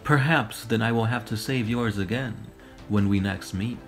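A man's voice: normal speed, a bit bright, faint music behind. Lythan, a cryptic elven warrior woman, as a man reads her. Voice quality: high yet harmonious. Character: proud female alien elf warrior, aloof.

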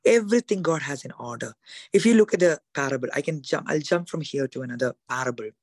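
A woman's voice: low-pitched, animated, fast talker, darkish tone, no room sound. A woman preaching a sermon at a women's conference, emphatic and full of rhetorical questions. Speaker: conference speaker.

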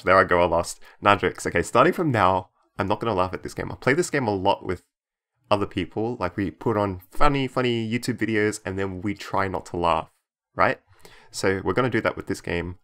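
A man's voice: deep voice, a bit bright. A young man, a YouTuber, giving casual commentary as he plays a game, chatting, joking and reading the game text aloud while trying not to laugh.

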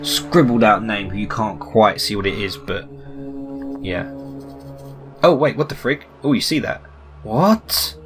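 A man's voice: on the low side, animated, a little slow, pauses often, over music. A young man doing let's play commentary on a game, asking puzzled running questions and reading the characters' lines aloud. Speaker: gaming YouTuber.

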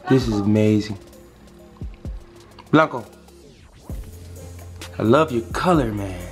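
A man's voice: fairly low pitch, slow, soft background music. A young man vlogging casually at home, talking playfully and dotingly to a new puppy. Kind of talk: casual vlog chat.

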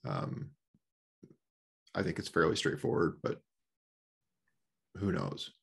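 A man making a matter-of-fact, low-key proposal in a video-call meeting. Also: very animated, slow pace, gravelly, fairly bright tone, slightly rough. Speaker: meeting participant. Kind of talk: casual meeting talk.

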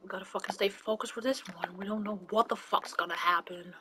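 A woman gamer giving live gameplay commentary, excitable and full of swearing and exclamations. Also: medium pitch, quick pace, background noise. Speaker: gamer playing online with a partner.

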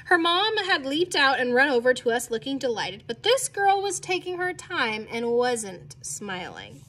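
Bright-voiced playful woman reading aloud. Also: high-pitched, very animated, unhurried, hardly any pauses. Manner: playful, laughs at her own slips. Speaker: teacher reading to a class. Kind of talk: reading a children's novel aloud with casual asides.

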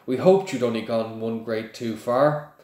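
A man reading aloud and voicing an excitable, balding middle-aged wizard father in a high, eager voice, in an echoey room. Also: measured pace, lightly acted. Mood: anxious.

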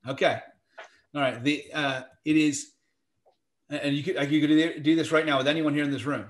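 A man's voice: on the high side, moderate pace. Chatty man giving a workshop talk. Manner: energetic, chatty, many fillers and restarts. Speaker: talent strategy speaker. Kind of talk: virtual workshop presentation. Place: home office. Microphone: video call.

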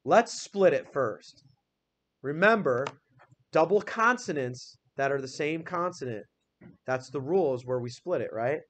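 A man's voice: fairly high pitch, animated, measured pace. A male teacher leading a classroom phonics lesson, patiently spelling words out letter by letter and quizzing students by name.

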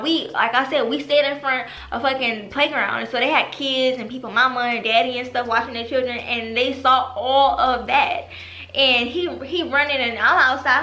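Young woman, AAVE speech, bright tone, roomy echo, faint music under; animated, profane storyteller. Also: a little high. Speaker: vlogger. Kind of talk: storytime vlog. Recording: echoey room with music behind.

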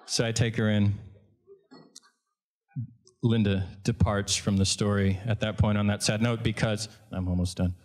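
A man's voice: on the low side, level tone, unhurried, pauses often. A man, a fishing guide, telling a story at a live event in a conversational way, often restarting and correcting himself.

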